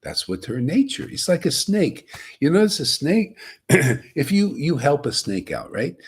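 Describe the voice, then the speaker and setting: Husky-voiced man giving an animated devotional talk. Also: medium pitch, normal speed. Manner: rambling, animated, casual. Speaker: spiritual teacher.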